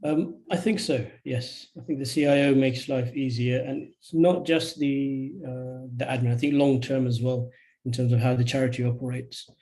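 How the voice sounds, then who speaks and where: A man answering questions on a webinar video call, measured and hesitant with many fillers. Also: mid-range voice, fairly even intonation, dark tone, rough recording. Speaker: charity registration advisor.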